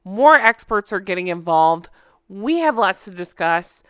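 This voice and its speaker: A woman hosting a casual commentary chat, chatty and animated, often laughing. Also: medium pitch, measured pace, clean tone, no room sound, studio quality. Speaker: host.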